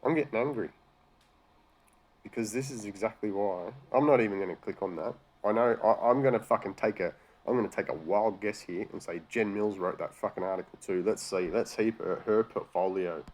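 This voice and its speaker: Speaking briskly with hardly any pauses, an Australian man in a lowish, darkish voice tears into news articles. He's a commentary host, and the rant is profane, sarcastic and exasperated.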